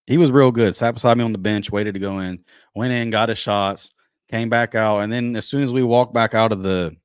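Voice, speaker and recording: This is a man hosting a casual podcast. His voice sits low, and he tells stories in a loose, laid-back way, swearing often. The sound is dry and close, with no room around it. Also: fairly even intonation, brisk, clear, resonant tone, no echo. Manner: laid-back, profane storytelling. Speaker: podcast host. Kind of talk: casual chat.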